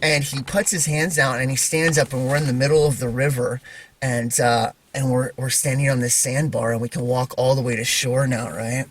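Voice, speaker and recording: A man telling a personal story to camera in a halting, casual way, with many fillers and restarts. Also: medium pitch, steady tone. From Idaho. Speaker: Christian video maker.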